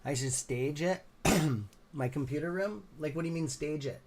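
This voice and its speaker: A man's voice: fairly high pitch, moderate pace, a little hiss or hum. Muttering, cursing man hosting a livestream. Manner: mutters and swears at the computer, then cheers on viewers. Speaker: livestream host. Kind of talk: casual livestream chat.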